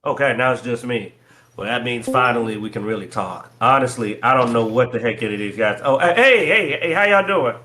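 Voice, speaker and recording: A man's voice: mid-range voice, fairly quick, sharp tone. A man co-hosting a casual livestreamed chat over an online call, telling stories animatedly and laughing often. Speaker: co-host.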